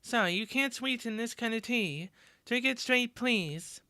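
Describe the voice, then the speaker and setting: A refined, melancholy former noble schoolgirl, voiced by a woman for a story game reading. She speaks formally and with polish, in a bright, smooth voice. The recording is close and dry. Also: a little high, expressive, unhurried, no room sound.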